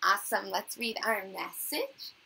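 A woman teaching young children in a video lesson, cheerful and sing-song, spelling words out slowly. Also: medium pitch, very animated, creaky, bright, forceful tone, husky, low-quality recording. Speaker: kindergarten teacher.

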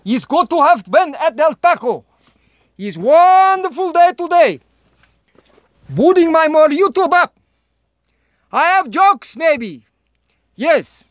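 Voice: sits high, sing-song, slow, pauses often, no room sound, heavily acted. A performer putting on a Russian-accented home vlogger who rambles in broken English, making jokey asides. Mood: chatty. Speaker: vlog host. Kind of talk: comedic home vlog monologue.

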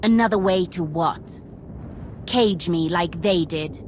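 Vengeful young empress, lowish voice, cutting and scornful, game cutscene. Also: female voice, takes it slowly, a little hiss or hum. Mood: bitter. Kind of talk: video game dialogue.

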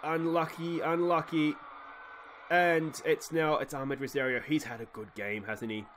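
An Australian man giving excitable play-by-play commentary on a baseball sim game, swinging from muttered asides to shouted cheering at a desktop microphone. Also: a little high, a little slow, a little hiss or hum. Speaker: let's play host.

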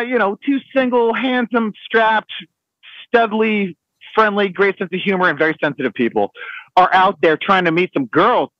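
A man's voice: on the high side, no room sound, highs cut off. A man telling a navy story on a podcast in a rambling, laughing way, full of fillers and restarts. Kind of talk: casual storytelling among friends.

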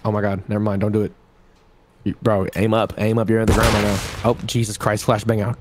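A man's voice: lowish voice, flat delivery, fast talker. A young man gaming on stream with a friend, teasing and reacting with hype. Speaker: fellow streamer. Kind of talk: casual gaming banter. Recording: noisy game audio behind voice.

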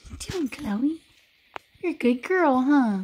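A woman's voice: high voice, animated, a little slow, a little mellow. A woman, filming a casual vlog as a pet sitter and talking to dogs in sing-song baby talk.

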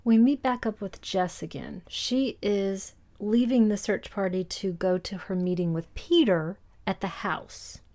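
A woman's voice: fairly low pitch, a little mellow. Woman co-hosting a film podcast. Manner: recaps scenes in detail, laughs easily. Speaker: podcast co-host. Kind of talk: casual film discussion.

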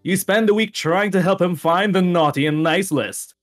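Wry male host narrating game text, a bit high-pitched, light music bed. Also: normal speed. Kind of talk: let's play group chat, reading story aloud.

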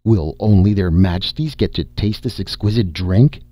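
A man voicing a huge, boastful male giant with a booming, bellowing voice, reading an audiobook. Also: moderate pace, mellow, dry recording. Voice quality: booming roar. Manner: bellowing, scoffing.

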